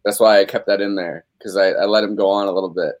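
A man's voice: on the low side, fairly even intonation, fairly quick. A man co-hosting a casual podcast, talking loosely with swearing and lots of filler words. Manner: loose, profane, filler-heavy talk. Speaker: podcast co-host.

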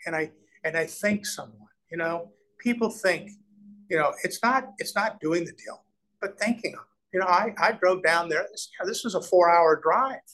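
His voice sits high and his speed is normal: a middle-aged man from Nebraska, a real estate developer, recounting business stories as a guest in a conversational interview. He animates quoted people and restarts a lot, and the recording is rough.

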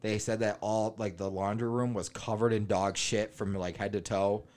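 A man's voice: lowish voice, moderate pace. A man co-hosting a casual comedy podcast, telling profane stories. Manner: profane, storytelling, animated. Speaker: podcast co-host.

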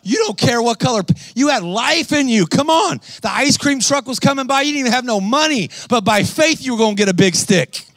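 A man preaching an energetic sermon, animated and exhorting, calling out to the congregation. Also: very high-pitched, fairly quick, few pauses, dry recording. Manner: animated, exhorting, calls to the crowd.

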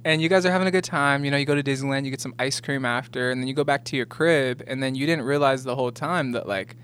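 Young man, podcast co-host, animated and profane, slips into silly voices for quotes. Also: mid-range voice, fast, smooth. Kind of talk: casual chat.

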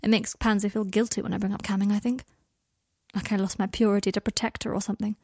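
A sharp-tongued young wizard confides in a low, half-whispered murmur, voiced by a woman reading a fan fiction audiobook. The tone is husky and slightly gravelly. It sounds dry and close, with no room around it. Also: little pitch movement, fast talker, no echo, close to an everyday voice. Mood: wry. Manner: soft, hushed, often half-whispered.

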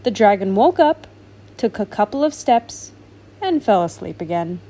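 A woman reading a children's storybook aloud with animated, expressive narration. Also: medium pitch, normal speed. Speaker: storybook reader.

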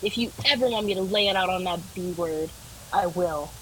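A young woman co-hosting a casual podcast, retelling events in a dramatic, excitable way. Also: lowish voice, brisk, slight background noise, poor audio. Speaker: podcast co-host. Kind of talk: casual chat.

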